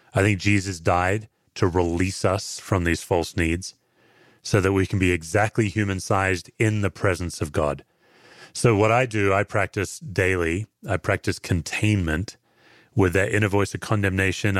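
An Australian man, a pastor and former chaplain, giving earnest, measured answers in an interview. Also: low-pitched, dry recording, clean studio sound.

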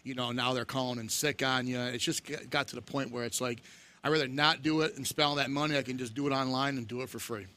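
A middle-aged man telling animated stories in casual chat, acting out the voices of people he quotes. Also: medium pitch, fast talker. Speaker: guest.

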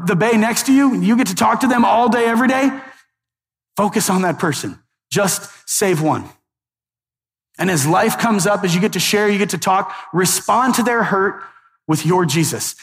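A male pastor preaching a sermon in a lively, conversational way with joking asides. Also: high voice. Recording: echoey hall.

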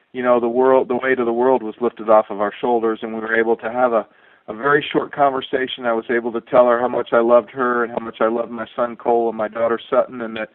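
A middle-aged man, a former astronaut, telling a relaxed, wry anecdote with a dry sense of humor and many fillers. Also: mid-range voice, dry recording. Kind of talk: storytelling anecdote. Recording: tinny dry phone-like line.

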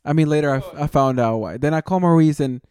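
Young man, casual chat, smooth clear voice, dry close sound, rambling, constant "dude", raised pitch. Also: fast talker, a little mellow, no room sound. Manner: rambling, says "dude" constantly, laughs at own story. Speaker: storyteller in chat.

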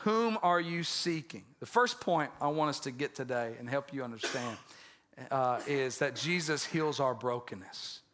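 A man's voice: medium pitch, moderate pace, a bit bright. A man preaching a conversational Easter-style sermon as pastor, joking with the congregation and often restarting his words.

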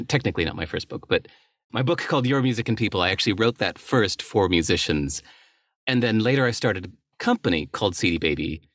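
A man's voice: sits low, a bit bright, no echo, studio quality. A middle-aged man, a writer and entrepreneur, talking candidly and thoughtfully as a guest on a podcast. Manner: thoughtful, candid, with small laughs and restarts. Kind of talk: reflective interview talk.

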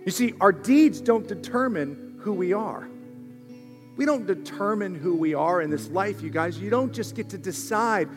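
A man preaching a sermon as a pastor, swinging from soft, low passages to loud, rising ones. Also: expressive, unhurried. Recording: reverberant hall with faint music.

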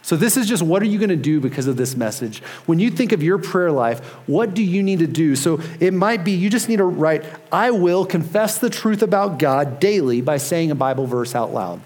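Male pastor, 30s, slightly raised pitch; earnest, emphatic sermon delivery. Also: lively intonation, normal speed, hardly any pauses. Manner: earnest, emphatic preaching that drops to soft prayer.

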